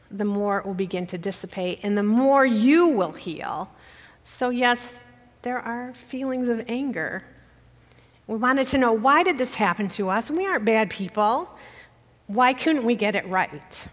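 A woman's voice: medium pitch, fairly bright tone. Emotional woman speaking in a reverberant church. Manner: emotional, close to tears. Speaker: guest speaker. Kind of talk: personal church talk. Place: church sanctuary. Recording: long hall reverb.

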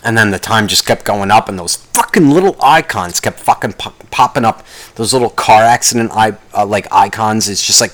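A young man ranting casually about traffic and work, swearing constantly and rambling, now and then mocking others in a higher voice. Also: moderate pace, a bit bright. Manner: profane, rambling, jumps into mocking high-pitched impressions. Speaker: vlogger. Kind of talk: casual rant to camera.

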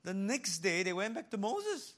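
Man, preacher, sermon, a bit high-pitched, animated, hushed asides. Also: normal speed. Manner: animated, drops to hushed tones for emphasis; acts out quoted voices in preaching. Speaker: pastor.

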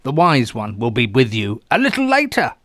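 Rambling Hampshire musician host. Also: male voice, mid-range voice, huge pitch swings, moderate pace, very noisy. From Southampton, England. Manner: rambling and self-deprecating, with many ums. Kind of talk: casual show chat.

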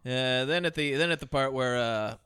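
A man's voice: medium pitch, moderate pace, fairly bright tone, smooth, no echo. A man co-hosting a casual movie podcast, rambling and laughing as he recounts scenes. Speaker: podcast co-host. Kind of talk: casual movie review chat.

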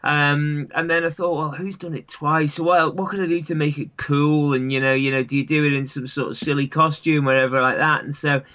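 A man's voice: a little high, steady tone, brisk, hardly any pauses, bright, forceful tone. A man with an English accent, a runner who is the guest, talking casually in an interview and wandering through his thoughts with lots of "sort of" and "you know". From England. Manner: rambling, full of "sort of" and "you know" fillers. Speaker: guest, long-distance runner. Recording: dull lo-fi sound.

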